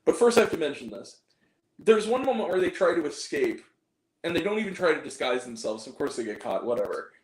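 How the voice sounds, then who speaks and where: A man's voice: fairly high pitch, very animated, brisk. Sarcastic, rambling male movie reviewer. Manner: rambling and sarcastic, full of asides. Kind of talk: casual spoken film review. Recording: roomy echo.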